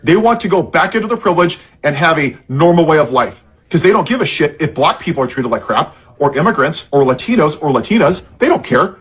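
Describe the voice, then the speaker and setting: A man rants about politics in an animated, husky voice pitched on the high side, talking a little fast with few pauses. He comes across as worked up, angry, and frustrated, with heavy sarcasm and irony.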